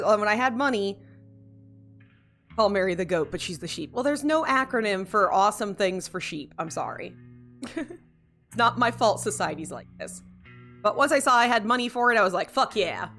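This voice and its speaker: A woman's voice: fairly high pitch, a bit bright. Woman game streamer, sleepy and yawning, rambling casual chat, faint music behind. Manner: rambling, self-interrupting, chatty with chat readers, laughs often.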